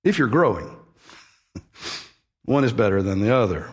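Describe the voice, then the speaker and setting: A man's voice: fairly low pitch, very animated, a little slow, breathy edge. A man preaching a sermon in a conversational teaching manner, stressing key words and often restarting phrases. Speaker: pastor.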